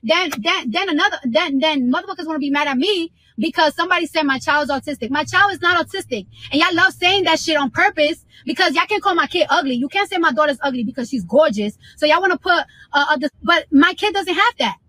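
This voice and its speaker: A young woman in her twenties vents into her phone during a livestream. Her voice sits high and the words tumble out fast. Her rant is heated and profane. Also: lively intonation, pushed and bright, dry recording, poor audio. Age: 20s.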